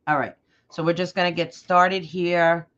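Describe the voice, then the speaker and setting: A woman hosting a live craft tutorial at her table, chatting loudly and excitedly with viewers as they join. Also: lowish voice, normal speed, dull audio. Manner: loud and excitable. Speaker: craft livestream host.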